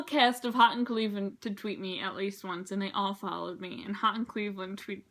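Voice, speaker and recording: A teenage girl vlogging in a rambling, excitable, chatty way. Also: medium pitch, brisk, few pauses. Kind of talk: casual chat.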